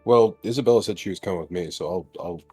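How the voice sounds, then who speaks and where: A man's voice: deep voice, fast, darkish tone, slightly rough, faint music behind. A man playing a tabletop game, jokey and casually swearing. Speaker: player.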